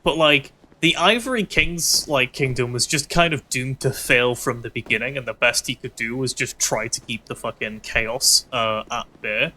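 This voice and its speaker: A man's voice: medium pitch, moderate pace, hardly any pauses, bright, forceful tone. A man streaming a game, musing with lots of fillers and ranting theatrically with heavy swearing at enemies. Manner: musing, filler-heavy storytelling between bursts of frustration. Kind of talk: casual gameplay commentary.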